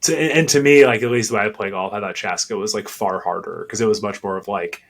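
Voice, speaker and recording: Lively man recounting golf mishaps. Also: lowish voice, quick pace, vocal fry. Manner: animated storyteller, lots of fillers. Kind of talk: casual chat.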